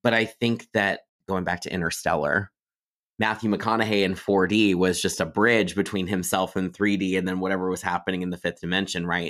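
A man, a psychic medium guest on a podcast, telling stories in a chatty way full of asides and restarts. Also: low-pitched. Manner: chatty, many fillers and restarts, warm storytelling. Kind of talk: casual podcast interview storytelling.

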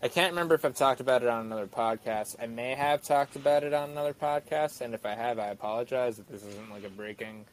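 A man's voice: mid-range voice, quick pace, hardly any pauses, rough recording. A young man chats casually as a podcast guest. He rambles and restarts, leaning on fillers as he searches for his point. A faint noise sits under his voice. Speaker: guest actor.

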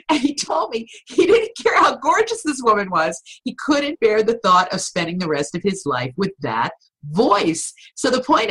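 A woman voice coach talks as a podcast guest in a slightly low, husky voice. She explains things with energy and coaching enthusiasm. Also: a bit bright, poor audio. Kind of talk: podcast interview.

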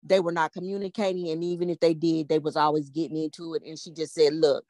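A woman's voice: low voice, little pitch movement, fast talker, dark tone, dry recording, clean studio sound. Blunt, profane older woman storyteller. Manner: blunt, profane, emphatic, keeps asking rhetorical "guess what". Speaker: podcast host. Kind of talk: casual storytelling to a live audience.

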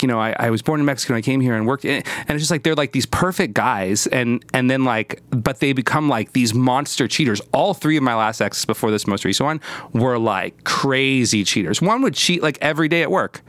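Man, podcast guest, rapid-fire casual storytelling, dry close sound. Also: mid-range voice, no room sound. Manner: animated, rapid anecdotes with many fillers.

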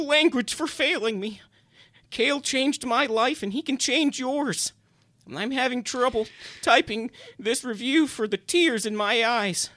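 A man's voice: extremely high pitch, sharp tone, no echo, heavily acted. A man playing a teasing sidekick at a hell podcast studio, dry and giggly. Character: deadpan prankster demon button-pusher, mischievous. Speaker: comedy podcast co-host. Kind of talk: improvised comedy sketch.

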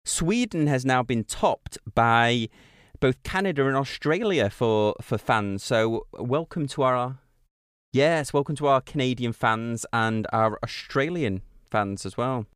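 A man co-hosting a podcast, telling stories in lively, casual chat. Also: medium pitch, measured pace, clear, resonant tone, no room sound, clean studio sound. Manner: chatty storyteller, animated and laughing. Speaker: podcast co-host.

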